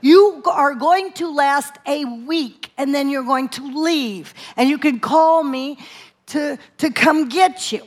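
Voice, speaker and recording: A woman's voice: high voice, takes it slowly. A woman quoting a blunt army colonel. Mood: firm. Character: gruff protective male army colonel.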